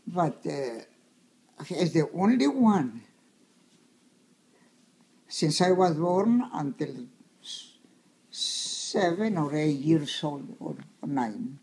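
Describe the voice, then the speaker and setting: A woman in her nineties telling a story from her childhood, halting and searching for words with many fillers. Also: low-pitched, sing-song, gravelly, mellow, husky. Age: 90s. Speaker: interviewee. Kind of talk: reminiscing storytelling.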